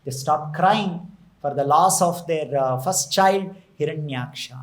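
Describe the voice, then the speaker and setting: A man's voice: on the high side, unhurried, poor audio. A man preaching a sermon, retelling a scripture story with rhetorical questions and chanted verses. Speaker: temple preacher.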